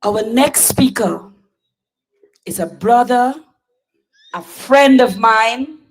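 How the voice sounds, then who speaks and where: Unhurried woman emceeing a rally. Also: on the high side, expressive, rough recording. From Guyana. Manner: chatty, addresses the crowd directly. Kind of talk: emceeing a public meeting. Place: outdoor public meeting.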